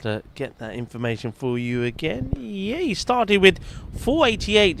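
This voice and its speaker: A man commentating live at an outdoor cricket ground, his voice rising and falling a lot as he chats with the players near the boundary. His pitch sits a bit above the usual for a man, and faint outdoor ambience hangs behind him. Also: big pitch swings, moderate pace, gravelly, few pauses, fairly bright tone, slight background noise. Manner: chatty, banters with nearby fielders.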